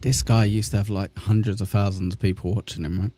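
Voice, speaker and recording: A man's voice: on the low side, fairly even intonation, fairly quick, mellow. A man hosting a casual livestream, chatting and joking as he reads viewer comments aloud, dropping in crude insults. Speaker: livestream news show host. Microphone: desk mic in front of a green screen.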